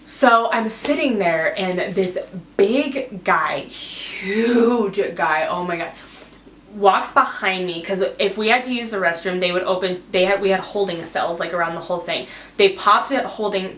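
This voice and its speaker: A young woman rambles through an emotional storytime, her voice sitting a little low for a woman and filled with "like". She talks in an echoey indoor room. There is a faint hiss of noise underneath. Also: fairly bright tone. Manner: rambling, emotional retelling full of "like". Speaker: vlogger. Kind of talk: casual storytime.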